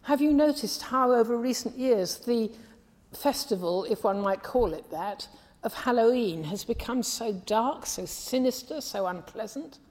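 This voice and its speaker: A woman from the English Midlands preaching a sermon in a measured, earnest way, often trailing off softly at the ends of phrases. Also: on the high side, animated. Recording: long hall reverb.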